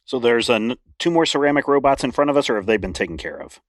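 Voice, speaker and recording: Fast-talking lower-voiced player. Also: male voice, lively intonation, no echo, studio quality.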